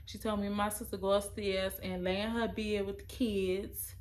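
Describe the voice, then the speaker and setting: A young adult woman tells a personal story in casual speech. Her delivery is emotional and halting, and her voice sits at a middle pitch. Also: flat delivery.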